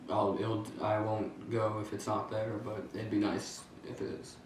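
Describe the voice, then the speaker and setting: A fraternity member giving a hesitant, casual interview answer, full of "like" fillers and the odd swear word. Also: male voice, lowish voice, level tone, a little slow, heavy reverb, far from the mic, slight background noise, poor audio.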